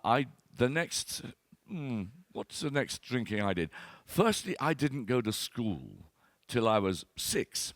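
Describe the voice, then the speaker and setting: A man in his later years, a wine expert telling self-deprecating comic stories to an audience, halting and repeating words, with plenty of fillers. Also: on the low side, no echo. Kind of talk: anecdotal talk to an audience.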